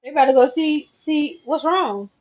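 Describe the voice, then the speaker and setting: A woman's voice: high-pitched, normal speed, darkish tone, highs cut off, slight background noise. A woman ranting casually to the camera, repeating herself for emphasis and speaking straight to the viewer.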